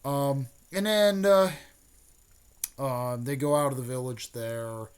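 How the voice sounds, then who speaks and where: A man's voice: medium pitch, slow, clean tone. A young man, a YouTuber, casually retelling a plot in a rambling way full of fillers and restarts.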